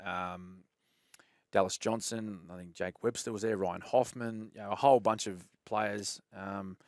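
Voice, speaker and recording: A man with an Australian accent telling old rugby league stories in a casual chat, lively and laughing often, calling his listener "mate". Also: on the low side, unhurried, no echo, clean studio sound. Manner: animated, laughs often, says "mate" a lot. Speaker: podcast guest, former rugby league player.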